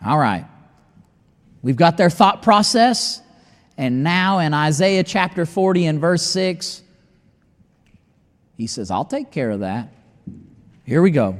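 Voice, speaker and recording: A man's voice: fairly high pitch, sing-song, normal speed, long reverb tail. A man preaching a sermon, reading scripture and acting out the doubts of his listeners in dramatic asides.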